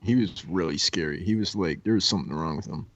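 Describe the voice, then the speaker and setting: A man's voice: deep voice, quick pace, a bit bright, dry recording, dull audio. Laid-back young man telling stories. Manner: laid-back storyteller, acts out coworkers with laughs. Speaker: podcast guest. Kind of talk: casual chat, storytelling.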